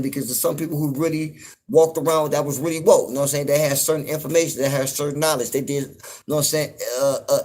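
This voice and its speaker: A man hosting his own show, talking in a loose, rambling commentary full of fillers and cursing, getting loud and incredulous when something riles him. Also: on the high side. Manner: laid-back, rambling, frequent fillers and profanity. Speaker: podcast host. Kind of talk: casual commentary monologue.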